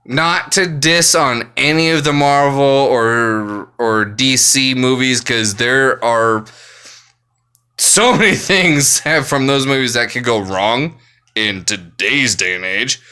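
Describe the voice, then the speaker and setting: Fired-up ranting man, bright voice. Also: medium pitch, clear, resonant tone. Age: adult, works full time. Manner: angry, swearing constantly, exasperated. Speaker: vlogger. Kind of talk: profane ranting monologue.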